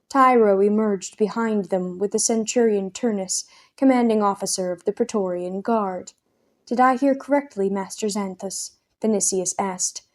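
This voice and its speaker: Woman storyteller, mellow tone, middle pitch, reads an expressive children's book aloud. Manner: expressive, raises her voice for characters' lines.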